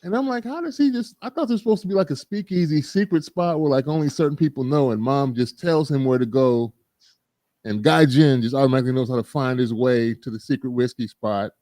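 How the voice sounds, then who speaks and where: A man hosting a casual chat podcast, recapping an episode in an animated storytelling way and laughing often. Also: medium pitch, a little fast, no room sound.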